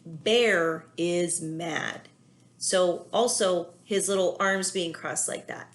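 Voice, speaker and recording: A woman teacher reading a children's picture book aloud, pausing often to gently explain feelings to young listeners. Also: on the low side, a little hiss or hum. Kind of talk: children's read-aloud with commentary.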